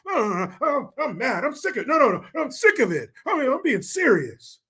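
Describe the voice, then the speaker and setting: A man's voice: wildly swooping pitch, brisk, fairly bright tone, breathy edge, exaggerated voice. A man doing a mocking impression of an exasperated older male politician, stammering and repeating himself. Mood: whiny. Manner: high whiny insistence, stammering repeats.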